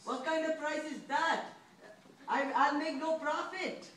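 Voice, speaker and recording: A man's voice: very high-pitched, steady tone, a little slow, a bit bright, a little hiss or hum. A boy playing an exasperated phone seller. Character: frustrated young male phone seller. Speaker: student in a school skit. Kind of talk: amateur school skit acting. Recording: echoey hall from far off.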